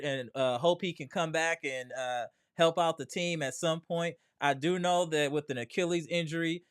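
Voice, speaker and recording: A man's voice: a little high, clean tone, no room sound, clean studio sound. A man hosting a casual sports livestream, slangy and trash-talking as he greets chat viewers by name. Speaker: sports channel host.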